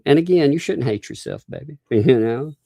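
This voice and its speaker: A man's voice: medium pitch, expressive, normal speed, gravelly, mellow, no echo, studio quality. A male livestream host giving casual, rambling commentary, chuckling often and speaking straight to his chat. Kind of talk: casual live-stream commentary.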